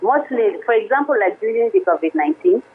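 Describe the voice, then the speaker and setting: A woman, a lawyer guest on a radio show, speaking haltingly with many restarts. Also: on the high side, expressive, husky. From Nigeria. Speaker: guest, women's rights lawyer. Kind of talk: radio interview by phone. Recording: phone line into radio studio.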